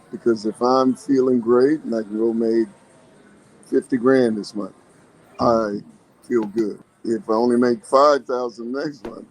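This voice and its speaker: An older man chats casually on a podcast, spinning folksy stories from his working life. He laughs easily and talks in a relaxed, plain way. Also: medium pitch, rough recording. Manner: storytelling, folksy, laughs often. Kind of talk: casual chat.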